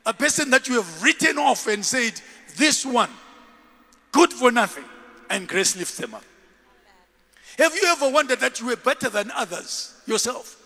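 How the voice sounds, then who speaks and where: A man preaches a lively sermon with a high, bright, ringing voice, calling on his congregation to repeat after him. His words echo with a long reverb through a large church hall, a live recording from the pulpit. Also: normal speed. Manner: animated, call-and-response preaching with laughs. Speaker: bishop, preacher.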